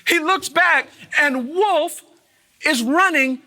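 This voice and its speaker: A man telling a fable live to an audience of students in an arts center, animated, with dramatic pauses and chanted call-and-response refrains. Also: extremely high pitch. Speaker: storyteller.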